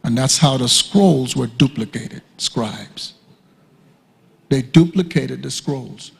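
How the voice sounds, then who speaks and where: Older man, gravelly and husky voice, conversational teaching talk with joking asides, long hall reverb. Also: mid-range voice, lively intonation, slow pace. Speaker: guest speaker at a church leadership conference. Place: church hall.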